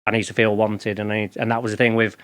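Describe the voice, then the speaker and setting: A man's voice: on the low side, little pitch movement, quick pace, a bit bright, smooth. A middle-aged man from England, a guest chatting casually in an interview, telling stories in informal slang. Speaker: podcast guest, lawn care expert.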